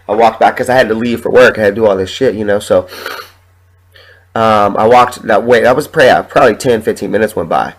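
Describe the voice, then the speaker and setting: Sick guy with a cough ranting and cussing on his podcast, lowish voice. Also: low-quality recording. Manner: profane, heated storytelling. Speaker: podcast host. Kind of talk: casual ranting monologue.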